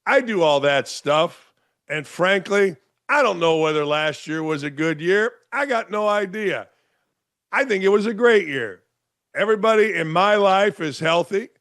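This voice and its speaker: A male talk show host rants with sarcasm, firing off rhetorical questions. His voice sits a bit high for a man. The room sound is dry and close. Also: expressive, a little slow, fairly bright tone, no room sound. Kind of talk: opinionated commentary monologue. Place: home studio in Florida.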